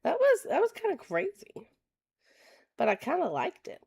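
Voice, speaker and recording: A woman's voice: high-pitched, huge pitch swings, normal speed, gravelly, darkish tone. A young adult woman hosting a casual political livestream, chatting with viewers, laughing often and reading web pages aloud. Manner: reads candidate web pages aloud to chat.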